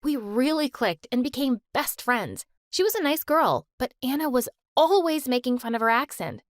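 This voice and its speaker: A young woman narrating her own story in the first person, animated and expressive. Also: high-pitched, normal speed, hardly any pauses, dry recording, clean studio sound.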